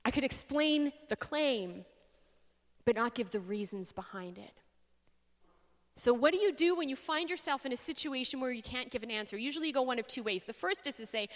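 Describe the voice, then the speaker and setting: A young Canadian woman with a slightly high voice gives an expressive faith talk to an audience in a large hall, pausing as she tells her story. Long hall reverb colors the sound.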